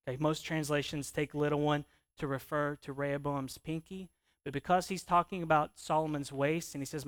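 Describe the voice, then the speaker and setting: A man preaching a sermon in a conversational, animated way, often asking his listeners questions. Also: fairly high pitch, fairly quick. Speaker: pastor.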